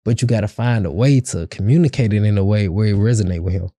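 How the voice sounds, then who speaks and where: A man's voice: medium pitch, quick pace, warm tone, dry recording, studio quality. A young man hosting a podcast, giving blunt relationship advice in slangy casual talk and acting out both sides of an argument. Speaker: podcast host.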